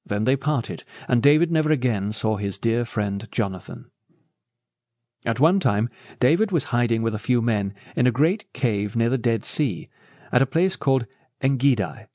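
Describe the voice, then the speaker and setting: A man narrating a Bible story in a steady, measured reading. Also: medium pitch, dry recording, clean studio sound.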